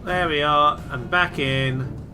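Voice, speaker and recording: A man giving excitable, theatrical commentary on a strategy game he is playing, often laughing and cheering. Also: a little high, slow, over music. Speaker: let's play host. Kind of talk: gameplay commentary.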